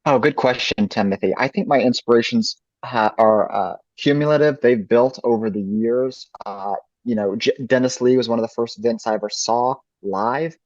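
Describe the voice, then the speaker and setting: A man's voice: mid-range voice, moderate pace, no echo. A man answering interview questions as a ventriloquist guest, reflective and thinking aloud. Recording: dull lo-fi dry recording.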